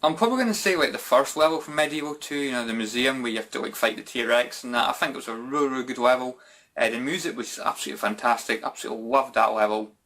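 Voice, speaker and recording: A man's voice: medium pitch, quick pace, bright, forceful tone. A Scottish man answering viewer questions in a casual, informal vlog chat, often saying "bloody" and "mate". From Scotland. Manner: chatty and informal, says "bloody" and "mate" a lot. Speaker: YouTube gaming channel host.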